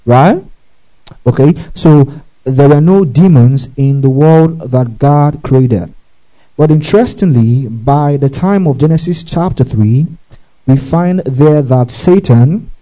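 Male preacher, very dark mellow tone, mid pitch, teaching sermon, keeps checking in with listeners. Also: low-quality recording. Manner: checks in often with "okay?" and "right?"; spells out words letter by letter.

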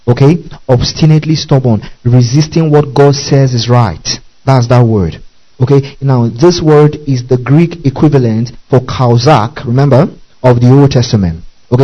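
A man's voice: mid-range voice, mellow, highs cut off. A man preaching a Bible-study sermon, repeating key words, spelling out Greek terms and often checking in with his listeners.

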